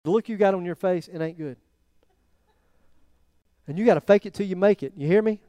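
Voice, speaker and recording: A man preaches with a high, light voice, telling a personal story. His delivery rises to loud emphasis and drops almost to a murmur. The sound is dry and close. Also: a little fast, clean tone, no room sound. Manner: animated storytelling, voice rising and dropping to near quiet. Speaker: pastor. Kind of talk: sermon.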